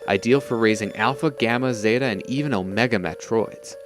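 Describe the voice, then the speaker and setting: Male reader voicing a stern computer, flat, measured delivery, lowish voice. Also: soft background music. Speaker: reading game dialogue aloud.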